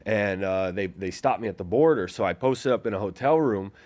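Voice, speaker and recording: A man in his forties sits in as a guest and tells a long story in a low, easygoing voice. He rambles and leans on fillers. He throws in quick impressions of the people he quotes. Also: darkish tone. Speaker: guest, former fighter. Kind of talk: casual storytelling interview.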